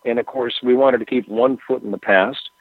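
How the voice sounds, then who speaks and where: A man, a musician guest, telling rambling anecdotes in a relaxed, casual interview with plenty of fillers. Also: medium pitch, moderate pace, slightly rough, no room sound. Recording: tinny phone line.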